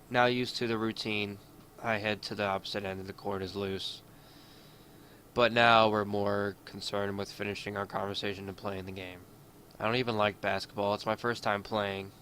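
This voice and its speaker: Low-voiced guy reading a game story out loud, tossing in little asides, bright forceful tone. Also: slight background noise. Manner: first-person storytelling with asides. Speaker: gamer reading a visual novel aloud. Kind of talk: reading game text aloud.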